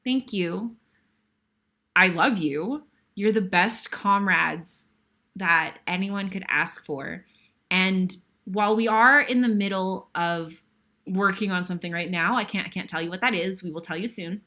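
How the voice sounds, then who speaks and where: A young woman guest-hosting a web show signs off by thanking viewers in an effusive, grateful, rambling way, casual and self-deprecating. Her mid-range voice has a sharp tone and a measured pace.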